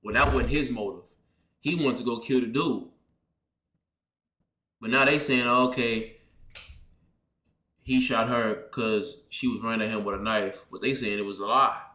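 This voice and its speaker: A man's voice: mid-range voice, normal speed, pauses often, pushed and bright, echoey room. A man hosting a reaction video, giving blunt, heated commentary in street slang. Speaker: reaction channel host.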